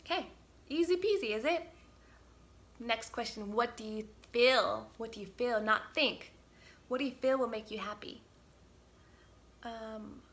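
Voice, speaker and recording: Outside on a windy day, a spiritual healer and channel records a casual vlog talk on spiritual topics. Her voice is a little high, pushed and bright, and she rambles in an upbeat, encouraging way, full of fillers and restarts.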